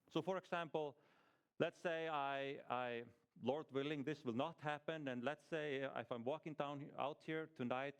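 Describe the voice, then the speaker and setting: A man's voice: mid-range voice, smooth. A man giving an informal teaching talk to a small church group, conversational, asking the group questions as he goes and often restarting his sentences.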